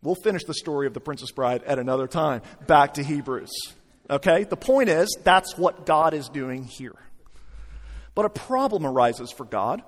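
A man's voice: a little high, lively intonation, normal speed. A middle-aged man preaching a sermon in a church, talking conversationally with joking asides to the congregation. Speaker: pastor. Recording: long reverb.

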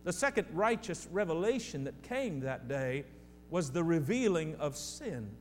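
High-voiced preaching man in a reverberant hall. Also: sing-song, unhurried, darkish tone. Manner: emphatic preaching with repeated phrases, talks directly to the congregation. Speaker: pastor. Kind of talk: sermon. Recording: long hall reverb with faint hum.

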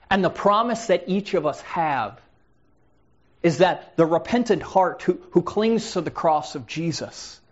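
A man's voice: a little high, dull audio. A man preaching a sermon in an earnest way, often repeating words as he starts a phrase.

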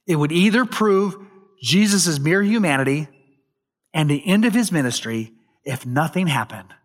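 Male pastor, fairly high pitch, dramatic storytelling sermon delivery. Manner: dramatic storytelling, rising to loud emphasis.

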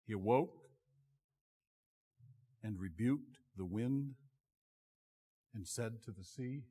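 A middle-aged male pastor preaching a sermon in an expressive, conversational and self-deprecating way. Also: on the low side, slow pace, breathy edge. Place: church sanctuary. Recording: long reverb of a large hall.

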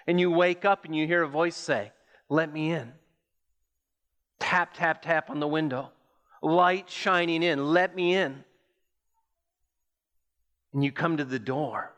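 A man preaching a sermon, telling an imagined story slowly and deliberately, with pauses. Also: on the high side, fairly even intonation, fairly bright tone. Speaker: pastor. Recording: long hall reverb.

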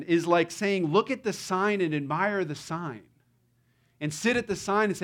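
A man's voice: high voice, expressive, normal speed. A man preaching a sermon in a conversational, playful way, often acting out the lines he quotes. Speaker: pastor.

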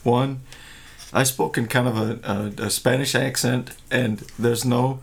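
A man's voice: mid-range voice, level tone, a little slow, husky. A man hosting a casual talk show, rambling and joking, often laughing. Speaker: podcast host. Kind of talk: casual chat.

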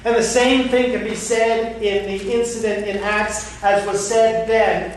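A man preaching a sermon from the pulpit in a church, with measured, emphatic phrasing and deliberate pauses. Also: sits high, little pitch movement. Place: church sanctuary. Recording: echoey hall from far off, faint hiss.

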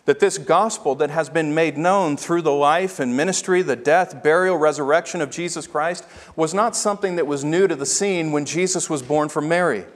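A pastor delivers a sermon in a somewhat high voice. He preaches emphatically, slowing down to press home his key phrases. His words ring out with the long reverb of a large hall.

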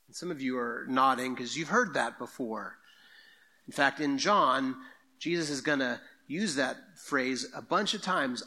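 A man preaching a sermon to a congregation, talking in a conversational way with quick asides and reading scripture aloud. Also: medium pitch, bright, forceful tone. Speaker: pastor.

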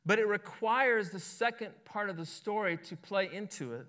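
A man's voice: high voice, moderate pace, bright, forceful tone. A man preaching a sermon as pastor, in a conversational way that keeps checking in with listeners and repeats words as he goes. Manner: conversational, asks "right?" often, repeats words.

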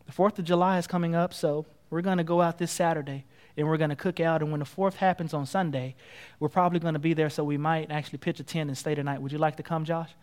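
A man voicing a timid young girl who pleads softly with her friend in a sermon story. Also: on the high side, fairly even intonation, quick pace, natural voice. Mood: eager.

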